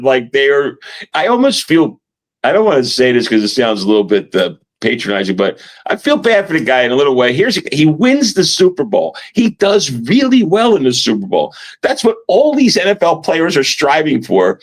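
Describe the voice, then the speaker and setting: A man's voice: on the high side, very animated, moderate pace. A man from New Jersey with a Jersey accent, co-hosting a sports radio show in a rambling, chatty way with frequent restarts. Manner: rambling, restarts often, chuckles. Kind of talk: casual sports talk.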